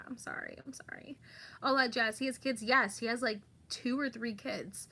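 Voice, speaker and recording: A woman's voice: fairly high pitch, moderate pace, pushed and bright. A woman hosting a casual livestream, chatting about online drama and reading viewer comments aloud.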